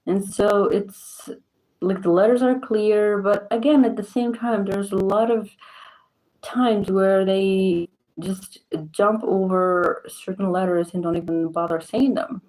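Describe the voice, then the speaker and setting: A woman's voice: mid-range voice, steady tone, takes it slowly, mellow, low-quality recording. A young woman from southern Morocco with a Moroccan accent, chatting casually in a vlog and laughing often. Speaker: vlogger. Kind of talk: casual chat.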